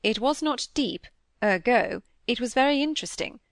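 Woman reading a young Victorian gentleman, sincere, measured, audiobook, dry recording. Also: fairly high pitch, lively intonation, no echo, voice pushed up. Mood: earnest.

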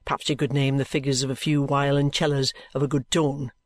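A man voicing a genial, ingratiating middle-aged male detective who talks in a slow, coaxing, colloquial way. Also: mid-range voice, little pitch movement, dry recording, natural voice.

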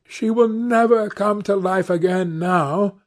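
A man's voice: fairly high pitch, lively intonation, a little slow, a little mellow, breathy edge, exaggerated voice. A man reading the part of a remorseful young man who speaks listlessly and in despair.

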